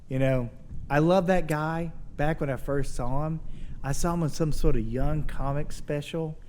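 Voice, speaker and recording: A man hosting a podcast in casual chat, telling stories in a profane, animated way. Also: a little high, moderate pace, a little hiss or hum.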